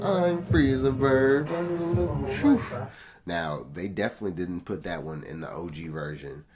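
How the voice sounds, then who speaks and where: A man casually reviewing an album track by track, talking in slangy, laid-back fashion straight to his viewers. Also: sits low. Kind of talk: casual music review commentary. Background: faint music.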